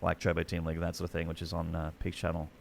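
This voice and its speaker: Aussie male guest, husky-gravelly low voice, chatty, excitable storyteller. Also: rapid-fire, slight background noise. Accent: Australian. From Australia. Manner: rambling, excitable anecdotes with many restarts. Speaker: podcast guest, esports commentator. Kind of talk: casual storytelling chat.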